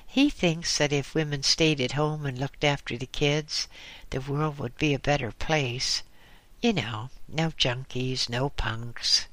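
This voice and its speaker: A reader voicing a chatty, confiding woman in an audiobook, speaking slowly. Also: mid-range voice, bright, forceful tone, no echo.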